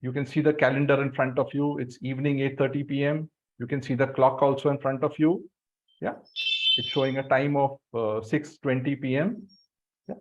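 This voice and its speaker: A man leading a group through a guided visualization exercise, giving slow breathing cues. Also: mid-range voice, steady tone. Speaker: workshop facilitator. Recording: dull lo-fi sound.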